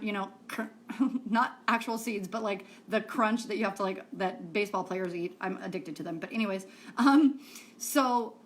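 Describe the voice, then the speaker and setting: A woman who is a self-help coach, teaching in a chatty, rambling way to camera, swearing casually now and then. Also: mid-range voice.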